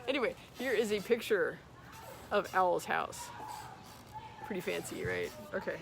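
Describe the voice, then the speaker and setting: A woman as guest storyteller, reading a children's story aloud in an animated way, with chatty asides. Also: fairly low pitch, measured pace, creaky, music in the background. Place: at home with her son near a swing.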